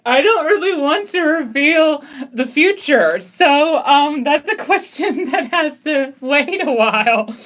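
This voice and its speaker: A woman's voice: sits high, lively intonation, slow, fairly bright tone. A young woman writer chatting casually and rambling with lots of fillers and giggles. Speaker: fan fiction author, host. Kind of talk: casual review chat.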